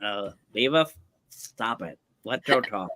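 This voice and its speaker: Man putting on a dim cartoon teen boy, dopey low drawl, sleazy. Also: animated, pushed and bright, no room sound, heavily acted. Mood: dopey leering. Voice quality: low, slow, dopey drawl with stalled fillers. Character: dim-witted leering teenage boy cartoon slacker. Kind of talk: impression on a live-streamed podcast.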